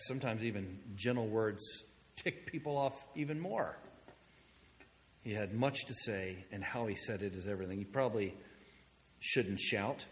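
A male pastor preaching a sermon in a conversational storytelling manner, moving between hushed asides and loud, excited passages. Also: mid-range voice, long reverb tail.

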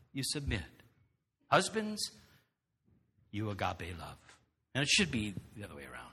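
A man preaching a sermon in an animated way, throwing rhetorical questions to the congregation. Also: mid-range voice, slightly rough, long reverb tail.

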